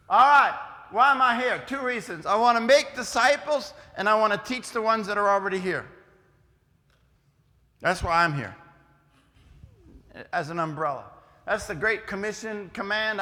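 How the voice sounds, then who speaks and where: Folksy older man teaching in a hall. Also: high voice. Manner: folksy, teasing, animated asides to the audience. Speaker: youth speaker. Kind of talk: lively classroom lesson. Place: church hall. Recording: long reverb of a hall.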